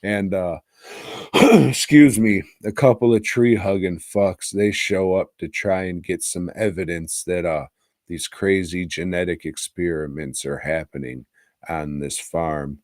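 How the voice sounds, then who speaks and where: Speaking in a deep, unhurried voice, a podcast co-host recaps a film in crude, jokey casual chat, slipping into silly voices. The sound is clean studio quality with no echo.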